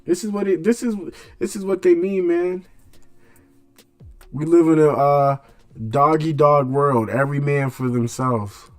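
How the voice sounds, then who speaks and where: A man's voice: on the high side, unhurried, no room sound, faint music behind. A man hosting a radio show, delivering a blunt casual monologue in street slang full of rhetorical questions.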